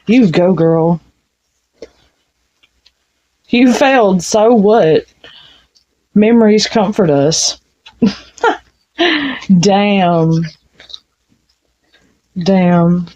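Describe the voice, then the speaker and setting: A woman's voice: medium pitch, animated, drawn-out words, long pauses, a little mellow. A woman giving a casual tarot reading, blunt and frank, swearing freely. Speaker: tarot reader. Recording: dull lo-fi sound.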